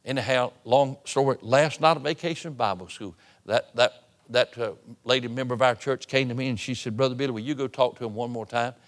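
A man preaching from a church pulpit, his voice at an ordinary middle pitch. He presses hard on appeals, then drops to a near hush for tender lines. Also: fairly quick. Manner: emphatic preaching, swings from loud appeals to hushed tones. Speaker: pastor. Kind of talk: sermon. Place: church sanctuary.

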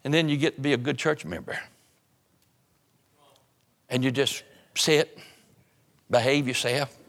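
Conversational preaching man, mid-pitched. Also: steady tone, unhurried, vocal fry, a bit bright. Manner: conversational preaching, repeating phrases and dropping low for emphasis. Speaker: pastor. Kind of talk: sermon.

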